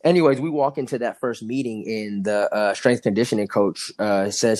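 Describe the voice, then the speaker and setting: Young man, guest storyteller, acts out quotes, laughs a lot, mid-pitched voice. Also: brisk. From California. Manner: animated, acts out dialogue, laughs often. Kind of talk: casual storytelling.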